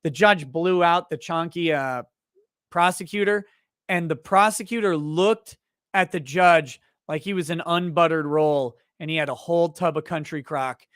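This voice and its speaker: A man hosting a casual livestream, reading viewer chat messages aloud and joking, often restarting his sentences and growing animated in his stories. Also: on the high side, smooth, dry recording, studio quality. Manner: rambling and joking, with halting restarts; animated when telling stories. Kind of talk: casual live-stream chat.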